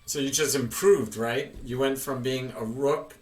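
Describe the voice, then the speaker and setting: A man's voice: medium pitch, steady tone, a little slow, a little mellow. A man teaching a chess lesson, patiently quizzing his student with questions, recorded with room echo from a distance.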